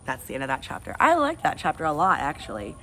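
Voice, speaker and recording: A fairly low-voiced woman reading a storybook aloud with very lively pitch. She reads like a teacher with a class, and a faint hiss of room noise sits behind her. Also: quick pace. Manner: expressive, animated.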